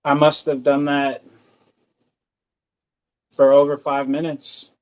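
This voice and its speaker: A man, a podcast guest, telling a personal story earnestly and haltingly, with many fillers and restarts. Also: fairly high pitch, monotone, smooth, poor audio.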